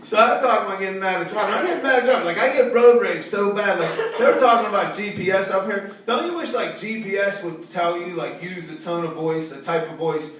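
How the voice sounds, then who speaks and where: A man doing a loud, profane stand-up set and working the crowd. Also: sits high, fast, few pauses, noisy background. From Pittsburgh area. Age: 40s. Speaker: stand-up comedian. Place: small art studio venue, indoors. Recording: distant echoey room recording with loud ambience. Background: audience laughter.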